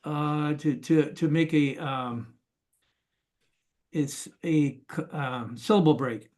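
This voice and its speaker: A hesitant student slowly sounds out each syllable, pausing often to think. His voice sits a little high for a man, and he speaks over a video call. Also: darkish tone. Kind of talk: reading aloud in class.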